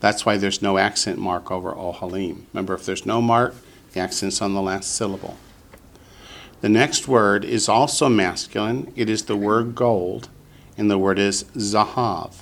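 A man teaching a Hebrew vocabulary lesson to a class, patient and slow, repeating each word for the students. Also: on the low side, steady tone, fairly bright tone.

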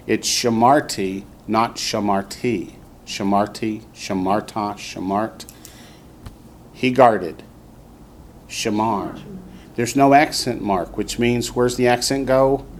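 A man's voice: medium pitch, slow, long pauses, a little hiss or hum. A man teaching a classroom lesson, patiently drilling students and repeating each word for them to copy. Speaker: Hebrew teacher. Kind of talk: classroom instruction.

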